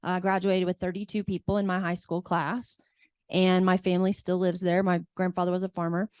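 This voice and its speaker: A middle-aged woman from Oklahoma introduces herself on a seminar panel. Her voice is smooth and resonant, and she talks in a chatty way, full of ums. The sound is dry and close. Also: fairly low pitch, little pitch movement, brisk, no room sound. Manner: warm, chatty, with fillers.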